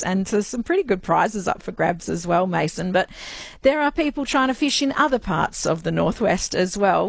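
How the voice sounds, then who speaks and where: A woman's voice: medium pitch, creaky, no room sound. An Australian woman hosting a morning radio show, chatty and upbeat as she talks with a guest. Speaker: radio host. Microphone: studio mic.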